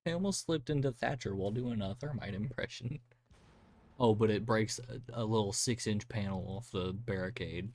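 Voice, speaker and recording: Brief: male game streamer, lowish voice, loose profane banter, quick to laugh. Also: a little mellow. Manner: profane, rambling, laughs often. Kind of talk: casual chat while gaming.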